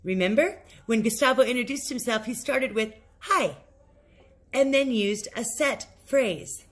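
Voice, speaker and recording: A woman teaching an English lesson, modeling set phrases slowly and clearly for learners to repeat. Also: a little high, a bit bright. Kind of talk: recorded language lesson.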